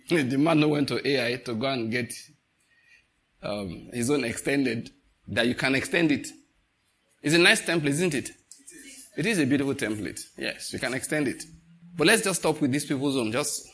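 A pastor with a Nigerian accent delivers a sermon, his voice husky and a little breathy at a middle pitch. He tells stories and chuckles along the way, turning to the congregation with questions. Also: fairly bright tone. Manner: storytelling preacher, chuckling and addressing the congregation.

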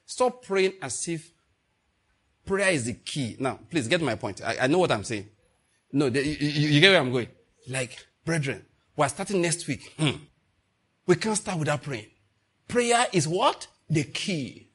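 Male pastor, fairly high husky voice, animated sermon delivery that acts out everyday exchanges. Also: unhurried. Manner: animated preaching, acting out little dialogues, often laughing.

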